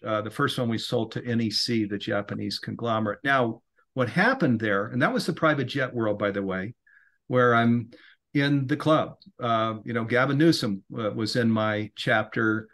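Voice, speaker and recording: Brief: middle-aged male guest, mid-pitched, earnest and rambling, bursts of enthusiasm. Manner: earnest, rambling, animated when inspired. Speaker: podcast guest, entrepreneur. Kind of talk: casual interview talk.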